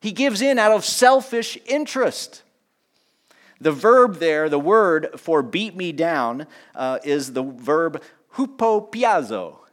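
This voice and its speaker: A man preaching a sermon in a lively teaching tone, with conversational asides and small jokes. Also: slow. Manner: lively teaching tone, pitch rising on key points and dropping low on asides. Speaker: pastor.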